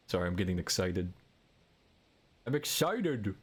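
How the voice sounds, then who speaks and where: A man live-streaming a survival game, chatting excitably and playfully and making silly sound-effect noises. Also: mid-range voice, measured pace.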